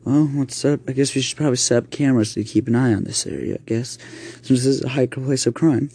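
A man's voice: medium pitch, quick pace, dark tone, husky. A man voicing a worried father in an amateur spoken story, talking hesitantly and rambling a little. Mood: puzzled. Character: worried young father of the house.

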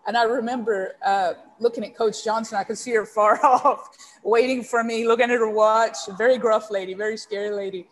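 A woman's voice: on the high side, steady tone, brisk. A woman from Texas, a leadership coach guesting on a podcast, telling a personal story in an earnest, heartfelt way with many ums. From San Antonio, Texas. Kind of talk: storytelling interview.

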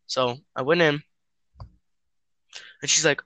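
A man's voice: fairly high pitch, expressive, normal speed, pushed and bright, dry recording. A young man chatting casually with a friend over a voice call, telling a story in a hesitant, rambling way with lots of fillers and swearing.

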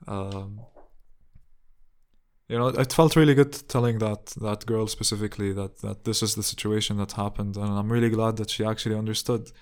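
A man's voice: lowish voice, smooth. Earnest young man telling a story. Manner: reflective, earnest, many restarts and "you know"s. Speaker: podcast host. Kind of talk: casual storytelling monologue.

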